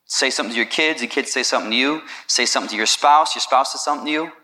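A male pastor delivers a conversational sermon and asks his listeners direct questions. His voice is bright and forceful, and he sits in a middle pitch. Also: racing.

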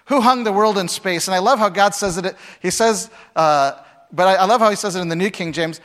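A man preaching a sermon, with dramatic swings between loud, acted-out lines and hushed, quiet passages. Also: sits high, fairly quick. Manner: dramatic, acts out voices with big swings from shouting to hushed. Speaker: pastor.

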